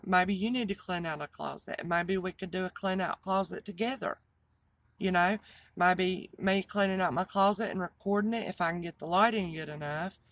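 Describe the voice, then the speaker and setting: A woman's voice: medium pitch, no room sound. Rambling woman with a Southern drawl. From North Carolina, US. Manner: rambling, chatty, trips over words. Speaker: online reseller and host. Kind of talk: rambling casual vlog chat.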